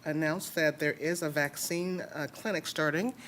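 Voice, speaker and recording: A man's voice: on the high side, steady tone, normal speed, fairly bright tone, slight background noise. A man speaking as a city council member at a public meeting, plain and matter-of-fact with some fillers.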